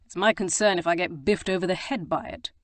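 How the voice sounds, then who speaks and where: A woman's voice: lowish voice, a little fast, dry recording, close to an everyday voice. Woman voicing a teasing rakish lord. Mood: aggrieved. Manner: drawling, mock-innocent teasing. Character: teasing roguish young Regency lord, man.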